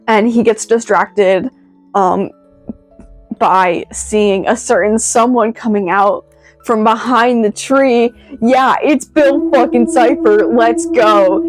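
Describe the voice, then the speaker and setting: A woman giving a casual, excitable video review, rambling with many "like" fillers. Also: medium pitch, no echo. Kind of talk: casual commentary.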